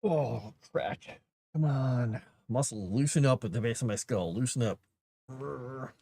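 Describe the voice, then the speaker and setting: A man's voice: medium pitch, unhurried, creaky, dark tone, no echo, studio quality. A man, an author, chatting casually with his viewers on a live stream and cooing at his cat between thoughts.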